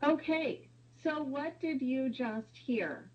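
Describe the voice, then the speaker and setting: A woman's voice: high voice, lively intonation, takes it slowly, highs cut off. A woman presenting a webinar, explaining step by step with some fillers.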